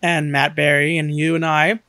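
Man, podcast host, casual chat, animated storytelling, slightly high voice, dry sound. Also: moderate pace, no room sound. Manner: animated storyteller, acts out quotes.

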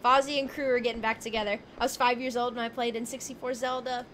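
A woman's voice: on the high side, little pitch movement, fast, a bit bright, a little hiss or hum. A young adult woman streaming a video game live, chatting casually with viewers, giggling and reading game lines aloud. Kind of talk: casual live gameplay commentary. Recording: game music playing under the voice.

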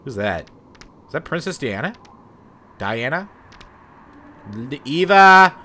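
Playing a video game, a man offers profane, joking commentary in a medium-pitched voice, speaking slowly and pausing often. As a let's play commentator, he gets excitable and cracks sarcastic jokes.

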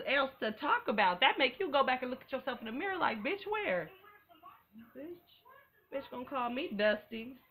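Bright, sassy woman recapping TV. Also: on the high side, slight background noise. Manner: animated and profane, full of slang. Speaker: TV recap host. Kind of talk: casual recap commentary.

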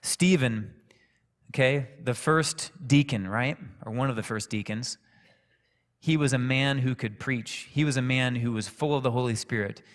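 A man preaching a sermon, telling a personal story in a calm, conversational way. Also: medium pitch. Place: church sanctuary. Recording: echoey church hall reverb.

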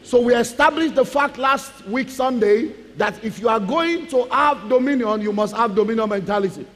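A man's voice: very high-pitched, moderate pace, a bit bright, slight background noise. A male pastor preaching emphatically, repeating key lines and calling out to the congregation. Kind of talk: preaching sermon. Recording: long reverb of a large hall.

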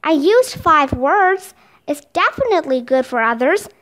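A woman voicing an eager, cheerful young girl who pleads excitedly in a storybook reading. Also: high voice, a little slow, full character voice.

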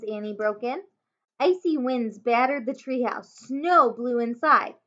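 A woman teacher reading a children's chapter book aloud, expressive, with small slips and self-corrections. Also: on the high side, unhurried. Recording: dull lo-fi home recording.

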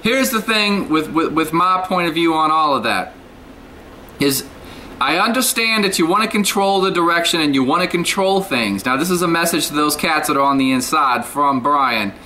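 Bright-voiced man ranting. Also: on the high side, moderate pace, a little hiss or hum. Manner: animated, digressive, addresses viewers as people and cats. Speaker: political video blogger. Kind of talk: rambling to-camera rant. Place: home room with air conditioner running.

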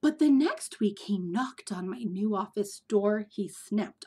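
Husky woman reading a storybook aloud. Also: mid-range voice, measured pace, hardly any pauses. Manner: expressive, dips into breathy whispers. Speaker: storybook reader. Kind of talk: read-aloud storybook narration.

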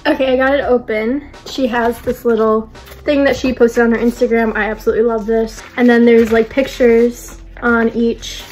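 A teenage girl with a fairly high voice records a casual unboxing vlog. She gushes with excitement and scatters "like" and "oh my gosh" through her talk. Soft music plays faintly behind her. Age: teens. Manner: gushing, excitable, lots of "like" and "oh my gosh". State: out of breath. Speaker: vlogger.

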